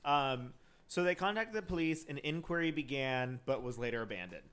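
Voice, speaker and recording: A man's voice: medium pitch, expressive, moderate pace, a bit bright, clean tone. Man, podcast host, reads crime notes, trips over words, casual. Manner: reads notes with stumbles and restarts, laughs often. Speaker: podcast host reading a true crime case. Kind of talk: casual chat.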